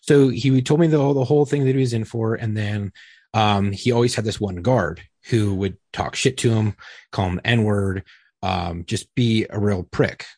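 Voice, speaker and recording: A man telling a story in a casual podcast chat, profane and animated. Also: fairly low pitch, normal speed, breathy edge, no room sound.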